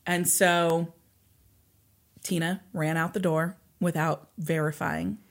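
A woman's voice: lowish voice, little pitch movement, slow pace. A woman in her thirties co-hosting a casual chat show, telling a story and acting out the lines she quotes. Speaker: podcast co-host.

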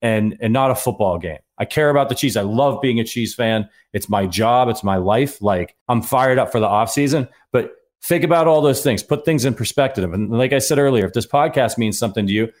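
A man's voice: medium pitch, fairly quick, hardly any pauses. Earnest man hosting a podcast. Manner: earnest, rambling with restarts. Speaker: podcast host. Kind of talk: casual podcast chat.

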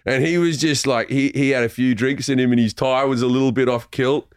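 A middle-aged man with an Australian accent, a comedian guesting on a podcast, telling animated stories and laughing often. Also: a little fast, clean tone, no echo, clean studio sound. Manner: animated storytelling, laughing often, drops into mock-deep voices. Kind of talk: casual chat with anecdotes.

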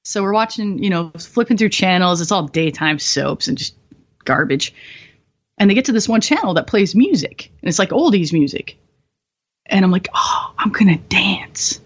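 A woman's voice: mid-range voice, lively intonation, moderate pace. A woman in her twenties, a guest on a podcast, telling her story in a candid, profane, self-mocking way and laughing often. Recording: slightly dull podcast audio.

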